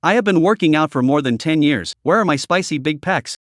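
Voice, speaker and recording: A man's voice: on the high side, lively intonation, brisk, no echo, studio quality, natural voice. A man reading as a brash young dragon knight. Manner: brash, shouting. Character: hot-tempered young male dragon knight, arrogant.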